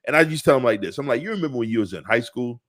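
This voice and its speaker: A man co-hosting a podcast in casual chat, animated and joking, often stretching out stories. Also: medium pitch. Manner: animated, joking, drawn-out storytelling. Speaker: podcast co-host.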